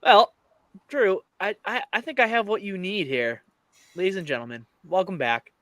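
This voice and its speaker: A man's voice: sits high, moderate pace, fairly bright tone, a little hiss or hum. A man hosting a casual sports podcast, playful and teasing as he runs the segments.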